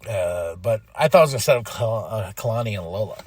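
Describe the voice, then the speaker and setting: A man hosting a podcast, giving a casual, animated wrestling recap, chatty with lots of fillers and restarts, acting out quotes in exaggerated voices. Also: lowish voice, fast talker, slightly rough, no echo. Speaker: podcast host.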